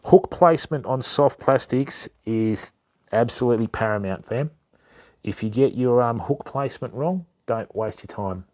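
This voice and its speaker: A man's voice: mid-range voice, a little mellow. An Australian man hosting a fishing channel, chatting casually with viewers, calling everyone mate and bud, with lots of ums. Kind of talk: casual live stream chat with viewers.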